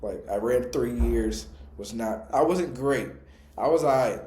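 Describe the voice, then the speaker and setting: A young man chats casually on a podcast, his voice mellow and soft-edged. He talks in a laid-back, slangy, thoughtful way. The room adds a noticeable echo around him. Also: medium pitch, a little slow. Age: young adult. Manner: relaxed, slangy, reflective. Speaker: podcast co-host. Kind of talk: casual storytelling.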